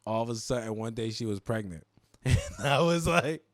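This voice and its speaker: A man hosting a podcast, talking in an animated, profane way and laughing often. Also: medium pitch, normal speed, no room sound. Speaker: podcast host. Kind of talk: casual podcast chat.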